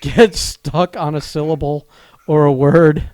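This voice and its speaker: A man's voice: on the high side, steady tone, slow pace, darkish tone, no echo. A man co-hosting a podcast in casual chat, often breaking into laughter as he talks. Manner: laughs often while talking. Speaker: podcast co-host.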